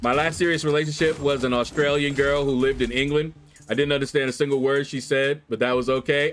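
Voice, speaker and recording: A man from Kentucky hosting a relaxed livestream chat, telling animated stories with laughs and playful voices into a desk microphone. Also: mid-range voice, a little fast. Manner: animated storyteller, laughs, squeals in mock voices. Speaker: livestream host. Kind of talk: casual chat with viewers. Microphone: desk USB microphone. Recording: faint background music.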